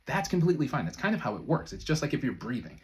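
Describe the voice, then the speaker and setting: A man's voice: medium pitch, sing-song, fast talker, darkish tone. A man speaking as a manifestation coach in a loose, conversational way, full of fillers and brief chuckles. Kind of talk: casual motivational talk to camera.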